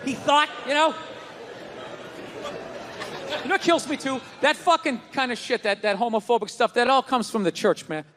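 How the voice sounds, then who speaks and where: Loud, ranting comedian on a live stage. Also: male voice, very high-pitched, normal speed, long pauses, long reverb tail, crowd noise, background noise. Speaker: stand-up comedian. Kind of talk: stand-up comedy set. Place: stage before a live audience. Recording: live comedy club with audience.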